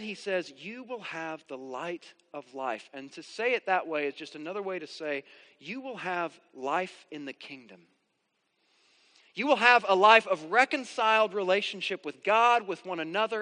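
A man's voice: high voice, pushed and bright. A man delivering an earnest, emphatic sermon as a pastor, often restarting his phrases. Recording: reverberant hall.

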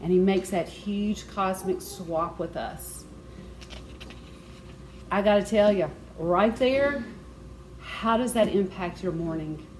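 A woman's voice: mid-range voice, takes it slowly, pauses often, a little mellow, slight background noise, low-quality recording. A woman teaching a Bible study group, talking conversationally and sharing personal asides.

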